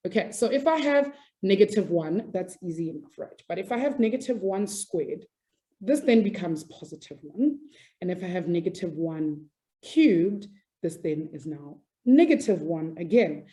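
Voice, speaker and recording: A woman's voice: on the low side, lively intonation, normal speed, warm tone. A woman teaching a maths class online, upbeat and chatty, apologizing and laughing easily as she explains.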